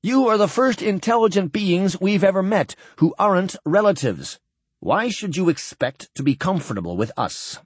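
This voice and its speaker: A man voicing a curious female alien guide who speaks slowly, with careful enunciation. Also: high voice, very animated, breathy edge, dry recording, voice pushed up, heavily acted. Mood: probing.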